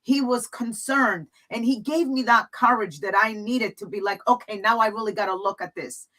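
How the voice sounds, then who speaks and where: A woman's voice: fairly high pitch, normal speed, a bit bright, rough recording. A woman hosting a talk show, speaking earnestly and from the heart as she shares her own story with her guest. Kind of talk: talk show conversation, personal testimony.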